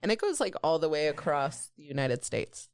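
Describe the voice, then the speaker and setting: A woman co-hosting a podcast, talking in a relaxed, rambling way with lively bursts as she tells stories. Her voice sits fairly low and sounds smooth and resonant. It is recorded close and dry, with no room sound. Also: moderate pace, no room sound. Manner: rambling, animated storytelling. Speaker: podcast co-host. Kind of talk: casual chat.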